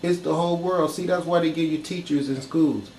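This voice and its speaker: A man's voice: a little high, steady tone, a little fast, a little mellow, a little hiss or hum, poor audio. A man giving an impassioned, profane talk full of rhetorical questions. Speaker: speaker in a discussion.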